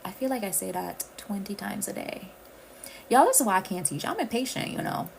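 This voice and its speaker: A woman from the Caribbean hosts a casual livestream, talking straight to her viewers and calling them y'all. Her voice sits at an ordinary pitch with a gravelly, fry-laden edge. A faint hiss of room ambience runs underneath. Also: animated, brisk, rough recording. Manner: chatty, addresses viewers as y'all. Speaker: livestream host.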